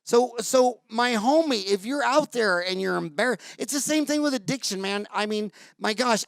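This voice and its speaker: A man hosting an interview podcast, talking in a loose, animated, rambling way with salty language. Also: sits high, gravelly, no room sound. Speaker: podcast host. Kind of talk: casual interview chat.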